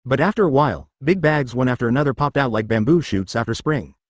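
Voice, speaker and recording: A man reading a fan fiction story aloud in an even, flat cadence. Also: medium pitch, fast, dry recording, clean studio sound. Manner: reads page artifacts and sound words flatly, even cadence. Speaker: narrator.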